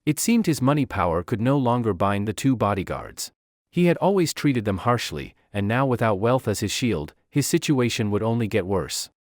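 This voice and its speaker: Lively male narrator, dry close voice-over. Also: fairly low pitch, dry recording. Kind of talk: scripted story recap narration.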